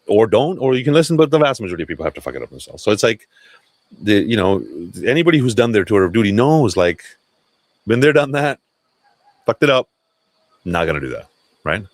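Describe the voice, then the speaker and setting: With a lowish, slightly mellow, sing-song voice, this man talks fast on an echo-free recording. He's hosting a relaxed livestream chat, speaking loosely and profanely while cutting in on himself to restart.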